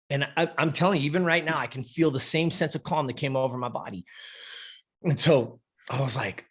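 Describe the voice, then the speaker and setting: A man's voice: mid-range voice, fairly quick, fairly bright tone, husky. A man in his fifties, a podcast guest, telling a personal story in a casual, emphatic and profane way. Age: 50s.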